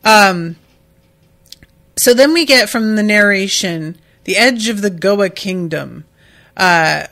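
A woman host recaps an episode in an unhurried, drawn-out way, casual and openly emotional. She chats freely and drops a swear word here and there. Her voice sits at an ordinary middle pitch. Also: lively intonation, creaky, a bit bright. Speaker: podcast host.

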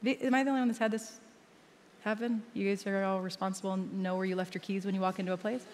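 A woman's voice: medium pitch, fairly even intonation, quick pace, a little mellow. Woman preaching in a big echoing hall. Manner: personal storytelling with frequent laughs. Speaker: church speaker. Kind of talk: sermon. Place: church auditorium. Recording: long reverb of a large hall.

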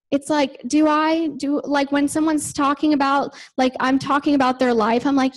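A woman's voice: high-pitched, steady tone, moderate pace, hardly any pauses, low-quality recording. A woman giving a conversational sermon in a church, chatty, with many "like" and "you know" fillers. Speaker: preacher.

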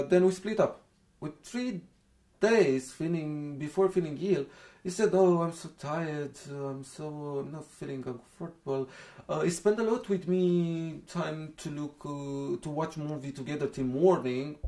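A young man with a Romanian accent tells his own story in halting, broken English. His voice sits a little high and carries a gravelly, creaky texture. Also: animated, darkish tone. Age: young adult. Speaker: interviewee. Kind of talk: emotional personal account.

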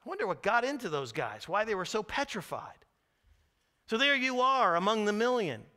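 Animated preacher man, bright clear voice. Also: high-pitched, moderate pace. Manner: animated storytelling, acting out screams and cries; drops to hushed tones at solemn points. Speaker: pastor. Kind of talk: sermon.

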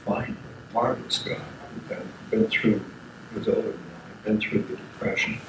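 An older man giving an informal lecture, telling wartime stories in a rambling way with restarts and asides. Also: fairly low pitch. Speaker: guest lecturer. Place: lecture room. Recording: echoey hall, background noise.

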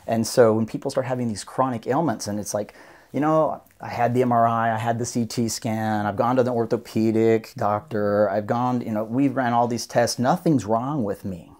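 A man's voice: medium pitch, steady tone, moderate pace, a little mellow. A man, a doctor of Oriental medicine, explaining his practice earnestly as a guest in a podcast interview. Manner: earnest, explanatory, acts out patients' voices.

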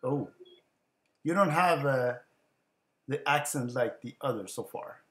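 A man whose first language is Spanish jokes and laughs his way through a video chat with strangers. His pitch rises and falls a lot as he talks. The call has a roomy, echoey sound. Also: expressive, measured pace, fairly bright tone. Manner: joking, laughs often.

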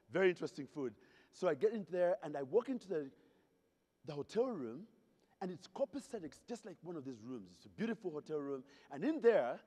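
A slightly high, mellow voice belongs to a keynote speaker from Zaire, who delivers a humorous, story-filled talk at a hotel-ballroom convention and playfully questions his listeners. The convention hall gives off plenty of reverb.

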